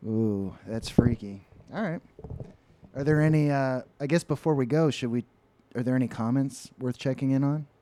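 A man's voice: medium pitch, moderate pace, warm tone, a little hiss or hum. A man co-hosting a podcast, reading comic captions aloud in a wry, casual chat. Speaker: podcast co-host.

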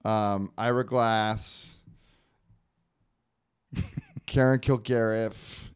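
A man's voice: fairly low pitch, fairly even intonation, drawn-out words, clear, resonant tone. A man co-hosting a podcast, chatting casually and tossing out dry joking asides. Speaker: podcast co-host. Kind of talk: casual chat.

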